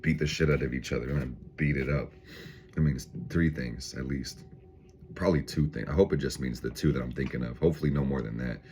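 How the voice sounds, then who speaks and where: A man's voice: extremely low pitch, quick pace, a little mellow, a little hiss or hum. A man casually reading tarot cards on his vlog, swearing freely and laughing often. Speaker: tarot reader vlogger.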